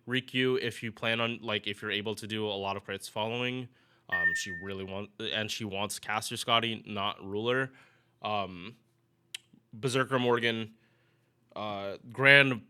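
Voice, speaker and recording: Casual male gaming streamer, bright and clear voice, loose rambling delivery. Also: medium pitch. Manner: rambling, restarts, chatty with viewers. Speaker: gaming YouTuber. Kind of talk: casual game commentary.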